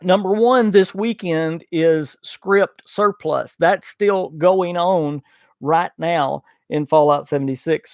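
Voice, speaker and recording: A man with a thick Southern US drawl hosts a gaming podcast livestream, reading viewer super chats in a folksy, chatty way and sometimes losing his train of thought. His voice sits a little high for a man and carries a gravelly, fry-laden texture. The recording is dry and close, with no room sound. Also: no echo. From Southern United States. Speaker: podcast host.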